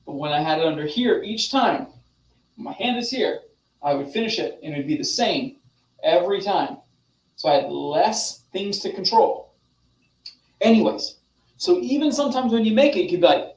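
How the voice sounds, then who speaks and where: A young adult man coaching a group over a video call, animated and demonstrative, talking straight to his listeners. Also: sits high, normal speed, reverberant, distant mic, poor audio. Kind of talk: motivational online session.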